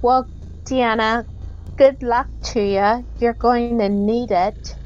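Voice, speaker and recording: A woman's voice: a little high, fairly even intonation, slow pace, darkish tone, lo-fi sound, pitched above the performer's own voice. Give me a woman putting on a frail, witch-like old woman. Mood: sweetly ominous. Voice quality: frail, elderly voice.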